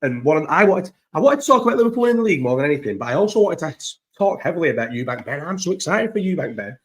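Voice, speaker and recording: A young male vlogger chats loosely at home indoors, his slightly high, sing-song voice moving very fast. He swears casually, restarts sentences often, and lets thoughts trail off, using his own recording setup and possibly not speaking into the microphone.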